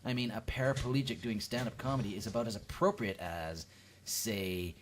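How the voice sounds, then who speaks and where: A Canadian man doing a seated at-home stand-up comedy routine, deadpan, with sudden jumps into high-pitched quoted voices. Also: normal speed, slight background noise. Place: at home, lives in the UK.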